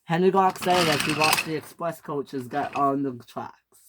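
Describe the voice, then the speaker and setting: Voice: medium pitch, moderate pace, fairly bright tone, slight background noise. A narrator telling a toy train story off the cuff, correcting slips as they go. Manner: unscripted, self-correcting.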